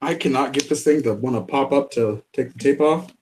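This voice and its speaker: A man's voice: mid-range voice, a little fast, a little mellow, slight background noise. A man hosting a podcast and unboxing a package live, talking casually and laughing often at himself. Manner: laughs often, self-deprecating. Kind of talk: casual chat.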